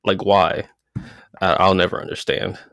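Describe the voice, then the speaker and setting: A man co-hosting a podcast, talking sports in a relaxed way with lots of fillers. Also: sits low, a little slow, no echo, clean studio sound. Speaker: podcast co-host. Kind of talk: casual sports chat.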